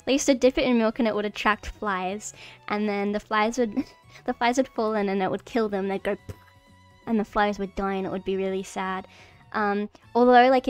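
A woman with a mid-range, smooth and clear voice gives a casual livestream lesson into a desk mic. She sounds nervous and giggles often, rambling through fillers and restarts. Faint background music plays beneath her. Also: mid-range voice. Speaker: streamer teaching mycology.

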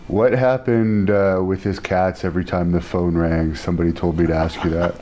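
A man's voice: sits low, level tone, moderate pace, dark tone. A man hosting an interview, asking short direct questions. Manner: brief, asks direct questions.

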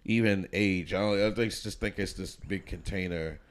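A man's voice: sits low, moderate pace. A man in his late thirties, a podcast guest, talking in an easygoing, laid-back way and drifting into musing. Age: 30s. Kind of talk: casual conversation.

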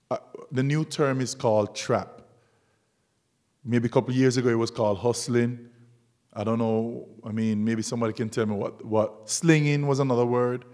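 A man from Jamaica giving a public artist talk, telling stories animatedly and acting out the dialogue. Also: mid-range voice. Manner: animated storyteller who acts out dialogue. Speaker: guest speaker, documentary photographer. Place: museum lecture hall.

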